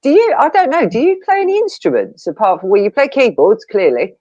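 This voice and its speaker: A woman's voice: a little high, sing-song, a little fast, dark tone. A woman hosting an interview, giggly and teasing. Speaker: host. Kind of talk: casual interview chat. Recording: dull lo-fi line.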